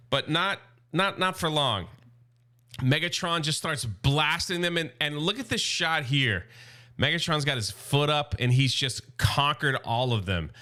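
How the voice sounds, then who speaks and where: Chatty man with a bright voice. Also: fairly high pitch. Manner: enthusiastic and chatty, full of "like" and "you know". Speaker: YouTube host recapping a comic series. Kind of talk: casual comic recap commentary.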